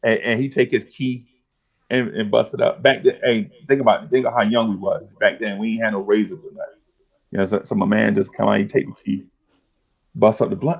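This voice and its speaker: A man's voice: fairly low pitch, brisk, gravelly, husky, rough recording. A middle-aged man telling street stories in casual chat, full of slang and acting out the voices of old friends. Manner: streetwise slang, animated storytelling, acts out dialogue. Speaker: podcast host.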